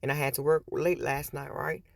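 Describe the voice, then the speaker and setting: A woman's voice: sits low, steady tone, moderate pace, gravelly, no echo. A woman vlogger talking casually to her viewers, chatty and repetitive, retelling stories with quoted voices. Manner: chatty, repeats words, storytelling with quoted voices. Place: in a store.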